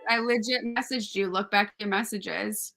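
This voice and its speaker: A woman's voice: mid-range voice, steady tone, moderate pace, gravelly, bright, forceful tone. A woman co-hosting a live podcast, giving short, defensive replies in casual banter. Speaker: podcast co-host.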